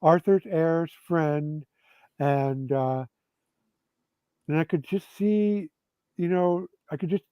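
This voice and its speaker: A man, a game designer and guest, telling gaming stories in a casual interview, animated and rambling with many restarts. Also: fairly high pitch, takes it slowly, pauses often, smooth, no room sound. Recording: dull lo-fi sound.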